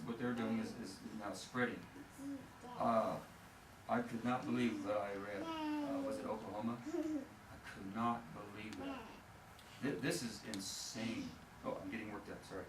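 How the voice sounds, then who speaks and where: A man, a pastor, preaching a conversational sermon with many fillers and restarts, and reading scripture more slowly in a raised voice. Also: medium pitch. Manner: reads scripture in a slower, raised voice. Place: church sanctuary. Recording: echoey church sanctuary, mic at a distance, noisy.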